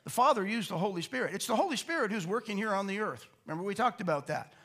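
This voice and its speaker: A man's voice: sits high, lively intonation, fast, a bit bright. A man preaching a Bible teaching sermon in a conversational way, asking rhetorical questions and repeating words as he explains. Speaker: pastor.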